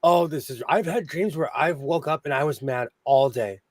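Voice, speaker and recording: A man's voice: a little high, moderate pace, dry recording. Man, Minnesotan-sounding accent, chatty storyteller, laughs often, dry close sound. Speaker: sewing channel host. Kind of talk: casual livestream chat. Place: home sewing room.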